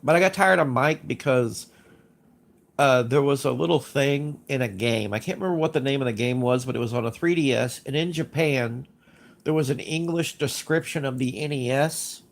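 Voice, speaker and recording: With a stuffy nose from congested sinuses, this man hosts a casual livestream, reading chat, rambling, repeating himself and giving blunt takes. His mid-range voice is creaky and moves at a normal speed.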